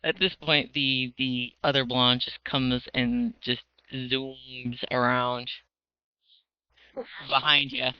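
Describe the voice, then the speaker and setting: A man's voice: medium pitch, little pitch movement, slow pace, clean tone, dry recording. A man narrating a tabletop game as its dungeon master in a loose, playful way with many fillers, on slightly dull lo-fi audio.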